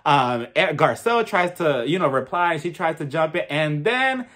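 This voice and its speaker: Sassy high-voiced man dishing gossip. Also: moderate pace. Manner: sassy, gossipy, animated retelling. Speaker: reality TV reviewer. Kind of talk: casual commentary.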